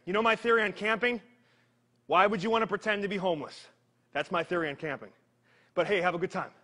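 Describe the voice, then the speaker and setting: A man leading a live workout, energetic and joking, counting down reps while he strains through the exercises himself. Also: high-pitched, quick pace. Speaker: fitness trainer.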